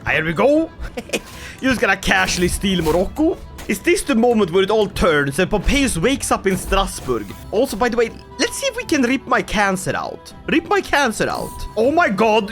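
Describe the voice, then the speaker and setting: A man giving theatrical, excitable strategy gameplay commentary, laughing often. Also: sits high, moderate pace, faint music behind. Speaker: gaming video creator.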